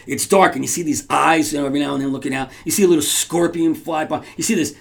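A man's voice: a little high, gravelly. A man hosting a podcast, telling a story casually to his audience in a rambling way, with restarts and frequent checks like "right?". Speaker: podcast host.

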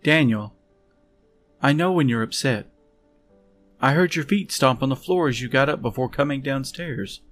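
A man voicing a caring middle-aged mare mother who speaks in a gentle, sing-song, concerned way, reading from a storybook. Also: medium pitch, lively intonation, moderate pace, long pauses, soft background music, close to an everyday voice.

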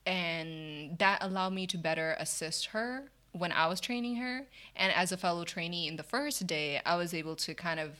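A woman's voice: on the low side, moderate pace, few pauses. A woman telling a story in a casual chat, acting out the people she quotes and laughing often. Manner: animated, acts out quoted dialogue, laughs often.

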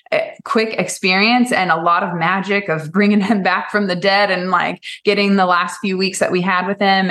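A woman, a podcast guest who talks in an animated way, swears freely and acts out quotes of other people in her stories. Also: mid-range voice. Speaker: guest, salon owner and coach. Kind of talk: casual podcast interview.

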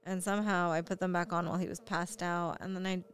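A woman's voice: lowish voice, level tone, fast, clear, resonant tone. A young woman and parent, chatting casually and telling a candid story with frequent fillers. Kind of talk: casual chat.

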